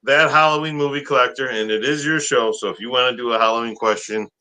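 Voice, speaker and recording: A man co-hosting a casual live horror-movie chat, enthusiastic and quick to laugh. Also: mid-range voice, bright, forceful tone, rough recording. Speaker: co-host.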